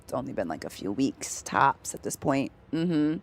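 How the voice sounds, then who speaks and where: A young woman streaming a video game, chatting casually and switching between English and Japanese, with a deep voice that carries vibrato and some vocal fry. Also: sing-song, normal speed. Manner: pitches voice up to sound friendly on stream. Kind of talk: casual gameplay chat.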